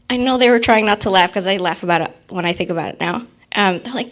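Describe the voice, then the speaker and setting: Lively woman telling a personal story. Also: medium pitch, fairly quick. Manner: lively, animated storytelling with quoted voices. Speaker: guest speaker. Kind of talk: personal story told to an audience.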